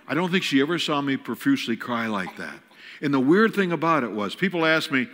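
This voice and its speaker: An older man with a bright, forceful voice, spinning a funny, self-mocking story for a church crowd. He acts out the scenes as he goes, and his voice rings with the long reverb of a big hall. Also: medium pitch, sing-song, fast talker. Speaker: guest speaker. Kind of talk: humorous storytelling sermon. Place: large church auditorium.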